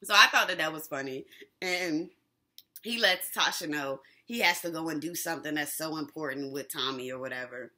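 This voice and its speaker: A woman hosting a casual TV episode recap, animated and slangy, who laughs often. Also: low voice, normal speed. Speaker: TV recap host.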